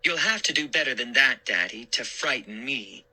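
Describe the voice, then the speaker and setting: A man's voice: mid-range voice, lively intonation, moderate pace, pushed and bright, slightly rough, full character voice, poor audio. A man voicing a young girl who teases her cousin dryly in a spooky storybook reading. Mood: teasing. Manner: dry, teasing.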